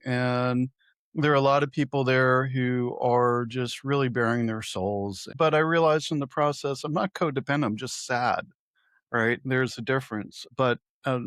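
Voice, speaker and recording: A man's voice: mid-range voice, fairly bright tone, clean tone, no room sound. A middle-aged man co-hosting a podcast, telling wry, self-deprecating anecdotes in casual chat. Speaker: podcast co-host.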